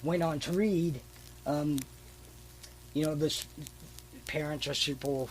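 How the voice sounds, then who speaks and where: A man's voice: fairly high pitch, fairly even intonation, unhurried, slight background noise, rough recording. A man co-hosting a podcast, casually retelling a comic book's story with fillers and the odd swear word. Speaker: podcast co-host. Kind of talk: casual chat.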